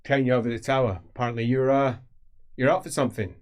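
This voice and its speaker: A man voicing a gruff male escort whose slightly educated accent keeps slipping. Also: mid-range voice, steady tone, fast talker, close to an everyday voice. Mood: offhand. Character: gruff male escort Billoch, roughly spoken.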